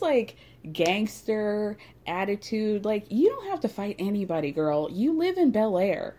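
A woman's voice: medium pitch, lively intonation, measured pace, warm tone. A young woman casually recapping a reality TV episode with chatty, sarcastic asides.

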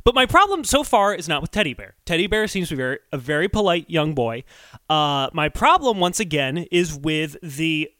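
Brief: high, bright male co-host, wry and analytical, dry close mic. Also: big pitch swings, normal speed, no room sound. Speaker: podcast co-host. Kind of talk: casual chat.

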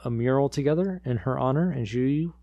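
An earnest small-town radio host, played by a man who reads even grim news in a flat, deadpan tone. His voice sits in an ordinary middle pitch, recorded dry and close with no room sound. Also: brisk, dry recording, muffled recording, close to an everyday voice. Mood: calm. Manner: deadpan, matter-of-fact about grim news. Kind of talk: improvised comedy audio drama.

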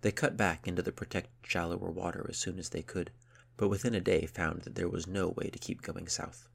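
A man reads a chapter of a story in steady, measured narration. His voice is very low and gravelly. A husky, rough grain runs through it. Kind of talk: scripted audiobook narration.

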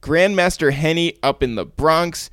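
Man, podcast co-host, joking, smooth and clear voice, dry sound. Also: a little high, unhurried, fairly bright tone, dry recording. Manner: joking, reads off lists of names. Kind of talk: casual podcast chat.

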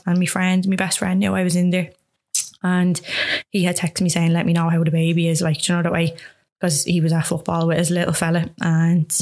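Young woman, low flat voice, rambling storyteller with lots of fillers, interview guest. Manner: rambling, filler-heavy, reenacts dialogue. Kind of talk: personal storytelling.

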